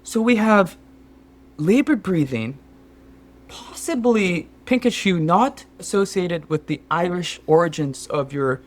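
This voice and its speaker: A man's voice: high voice, animated, takes it slowly. A man playing a fawning, scheming Sherpa guide. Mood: mock-concerned. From Canada. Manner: fawning, mock-concerned, keeps saying sir. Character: scheming male Sherpa guide, overly polite. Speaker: podcast co-host. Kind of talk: improvised comedy sketch.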